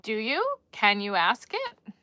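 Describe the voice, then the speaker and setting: Bright-voiced woman chatting on a livestream. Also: on the high side, huge pitch swings, slow pace, no echo, studio quality. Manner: chatty, laughing, playfully trying out accents. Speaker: crochet livestream host. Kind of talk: casual live-stream chat with viewers.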